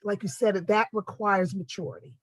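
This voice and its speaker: A woman's voice: mid-range voice, moderate pace, dry recording, poor audio. A woman hosting a talk show interview, asking questions and affirming her guest often. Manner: warm affirming interjections, frequent restarts. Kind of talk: conversational interview.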